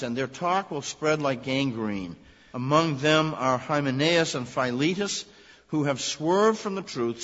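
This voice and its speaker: A man, a minister, preaching a sermon in a conversational storytelling way, rising to emphatic high points. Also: fairly bright tone, husky. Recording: long reverb, dull lo-fi sound.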